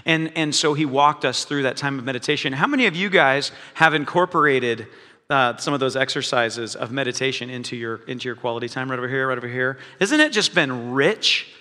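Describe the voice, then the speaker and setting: A man's voice: medium pitch, fairly quick, pushed and bright, long reverb tail. A man preaching a sermon in a conversational way, with many fillers and restarts. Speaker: pastor.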